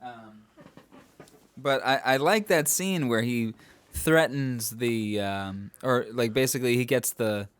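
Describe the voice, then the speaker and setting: A young man co-hosting a casual movie podcast, joking, laughing and shouting out quoted lines. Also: mid-range voice, takes it slowly, clean tone, no echo. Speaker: podcast co-host.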